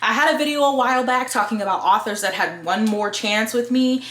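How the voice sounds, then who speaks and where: A woman's voice: on the high side, brisk. Blunt book-vlogging woman in an echoey room. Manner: blunt and expressive, swears casually. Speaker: book reviewer. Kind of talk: casual review chat.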